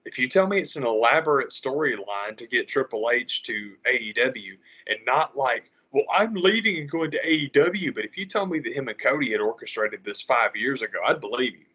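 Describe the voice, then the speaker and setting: A man, co-hosting a podcast in an animated, profane ranting way. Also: mid-range voice, brisk, hardly any pauses. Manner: animated, profane ranting with mocking quoted voices. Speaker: podcast co-host. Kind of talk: casual podcast chat. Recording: slightly dull lo-fi audio.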